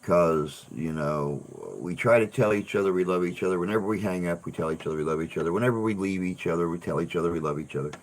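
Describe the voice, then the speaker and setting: Deep-voiced man rambling on a livestream. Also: slight background noise. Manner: rambling, repeats words, swears. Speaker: livestream host. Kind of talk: casual livestream chat.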